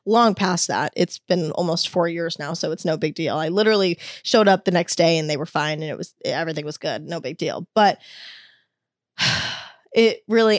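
A woman's voice: medium pitch, normal speed, no echo. Young woman vlogger, confessional and candid, swears freely, dry close sound. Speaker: wellness vlogger. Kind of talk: confessional storytelling.

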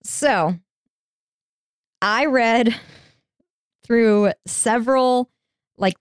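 A woman's voice: medium pitch, clean tone, no echo, studio quality. A woman hosting a podcast, telling a history story in a chatty, informal way and swearing casually. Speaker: podcast host.

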